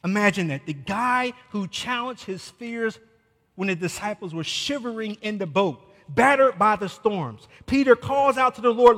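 A man preaching a sermon verse by verse, swinging dramatically between loud declarations and hushed asides. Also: sits high, expressive, moderate pace, long reverb tail. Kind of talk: expository sermon on scripture.

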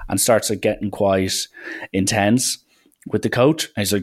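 Chatty Irish podcast host, lowish voice. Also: male voice, normal speed, slightly rough. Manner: chatty, animated, full of "like" and acted quotes. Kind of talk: casual storytelling.

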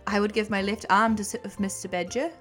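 A woman's voice: medium pitch, little pitch movement, fast, soft background music. Woman reading a children's story aloud.

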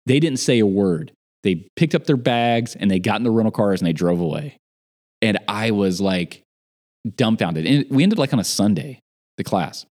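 A man in casual chat, telling an animated story about a job gone wrong. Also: fairly low pitch, moderate pace. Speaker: podcast guest.

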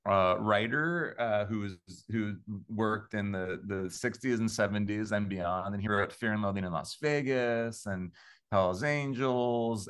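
A man with a somewhat low voice tells a story in a casual interview. He rambles, circles back, and leans on fillers and quick restarts. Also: a bit bright, clear, resonant tone. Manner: rambling, many fillers and restarts, laughs often. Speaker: composer and podcast guest.

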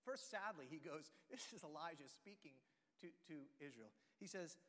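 A man preaching a sermon as pastor, telling stories in an animated way with self-deprecating asides. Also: fairly high pitch, normal speed. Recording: long hall reverb.

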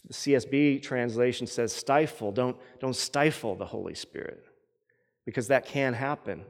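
A man's voice: medium pitch, moderate pace. Male pastor giving a sermon, earnest, keeps repeating words, long echo from a big church hall.

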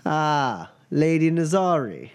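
A man's voice: a little high, big pitch swings, slow, voice pushed up. Guy doing a drawly outlaw, friendly on top but menacing. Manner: folksy drawl, mock-friendly, threatening.

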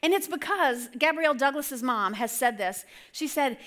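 Middle-aged woman speaker, high bright voice, chatty sermon storytelling from the stage. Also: sing-song, moderate pace, hardly any pauses. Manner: chatty, rambling, self-correcting. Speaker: church speaker. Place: church stage.

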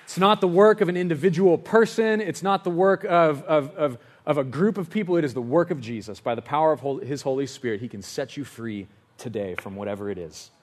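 A young man preaching a sermon, moving from hushed storytelling to loud, impassioned pleading. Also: on the high side, brisk, hardly any pauses. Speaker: pastor.

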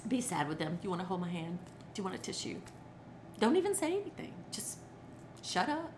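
A woman's voice: fairly low pitch, fairly quick, background noise. A middle-aged woman, a children's entertainer and author, telling stories expressively in conversation and acting out quotes. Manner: expressive, acts out quotes, laughs often. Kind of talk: animated storytelling in conversation.

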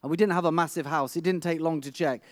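A man's voice: fairly high pitch, fairly even intonation, fast talker, no echo, studio quality. A middle-aged man preaching a sermon, telling a vivid personal story with frequent restarts.

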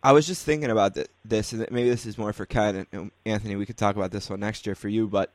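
A man's voice: lowish voice, quick pace, no room sound. A man hosting a casual interview, asking questions and telling rambling stories. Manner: relaxed, rambling storyteller. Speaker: podcast host interviewing players.

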